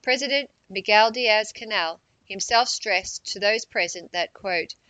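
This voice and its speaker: A woman reading a political news report in a measured narration, with quotes read aloud. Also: mid-range voice, sharp tone, no room sound, low-quality recording.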